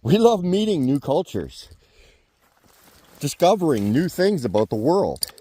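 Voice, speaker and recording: A man's voice: a little high, sing-song, a little slow, warm tone. A man giving a blunt, heated political rant to camera as a vlogger, swearing freely. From Canada.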